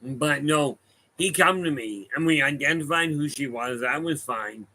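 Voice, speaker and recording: Bright-voiced man telling rambling stories. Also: a little high, a little slow, poor audio. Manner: rambling, anecdotal, self-correcting. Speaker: medium giving a talk. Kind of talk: casual storytelling talk to a room and online viewers. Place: room with a live audience.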